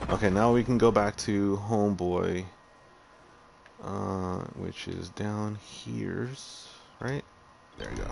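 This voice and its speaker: A man with a lowish voice streams a game and chats loosely with his viewers, swearing freely and muttering to himself as he plays. Faint background ambience sits under his voice. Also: vocal fry, background noise. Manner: chatty, profane, talks to chat while playing. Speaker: streamer playing a game and reading chat. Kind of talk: casual live-stream chat.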